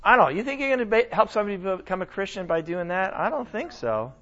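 A man teaching a Bible lesson in a casual, animated sermon style, often asking his listeners questions. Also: high-pitched, quick pace, dull audio. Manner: animated, conversational, asks the audience questions.

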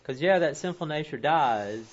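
A man's voice: fairly high pitch, expressive, moderate pace. A man in a study group sharing a thought in a rambling way. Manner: rambling, uses "you know" fillers. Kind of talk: casual discussion. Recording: dull audio with faint background noise.

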